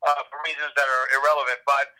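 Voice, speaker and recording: A man's voice: medium pitch, little pitch movement, fast talker, pushed and bright. A man talking by phone from his car, a self-deprecating joker who halts with many ums. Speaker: podcast guest. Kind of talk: casual chat. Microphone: phone headset. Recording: tinny phone line.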